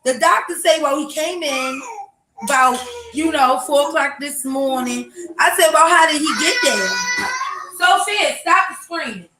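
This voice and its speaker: A young woman telling a loud, brash, profane story in a casual vlog at home. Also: high-pitched, moderate pace. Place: home with children nearby. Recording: echoey room, faint noise.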